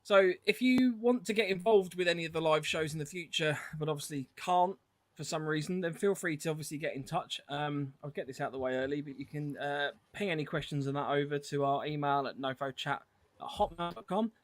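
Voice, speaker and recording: Rambling podcast host with a fairly high voice. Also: male voice, fairly quick, no echo. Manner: relaxed, rambling, with frequent ums. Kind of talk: casual podcast chat.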